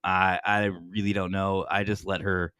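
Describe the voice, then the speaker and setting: A man hosting a podcast in casual chat, joking and swearing freely as he tells animated stories. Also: sits low, a little slow, clean tone, no echo. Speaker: podcast host.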